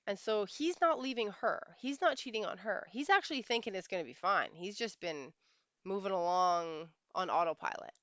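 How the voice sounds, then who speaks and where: A woman's voice: medium pitch, animated, normal speed, a bit bright, no echo, highs cut off. A woman life coach telling a story in a monologue, emphatic and repeating phrases for weight.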